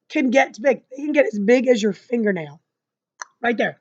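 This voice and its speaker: A woman's voice: fairly high pitch, expressive, moderate pace, darkish tone. A woman reading a novel aloud expressively, adding chatty asides to her listeners. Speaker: reader. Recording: dull lo-fi recording.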